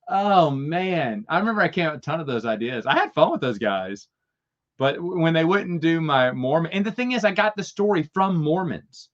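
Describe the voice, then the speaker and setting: A man's voice: a little high, expressive, brisk, muffled recording. A man hosting a casual Q&A chat, rambling through stories and chuckling at his own jokes. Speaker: host answering viewer questions.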